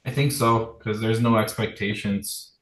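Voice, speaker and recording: A man's voice: lowish voice, steady tone, a little slow, fairly bright tone. A man being coached in car sales, giving short agreeing replies. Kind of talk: coaching session.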